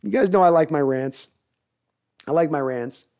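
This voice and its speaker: A man with a somewhat high-pitched voice hosts a podcast, reading out viewer comments and answering them in a loose, casual way. He rambles, restarting his sentences often. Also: moderate pace, a little mellow, smooth, lo-fi sound. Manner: rambling, with frequent restarts and fillers. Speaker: podcast host.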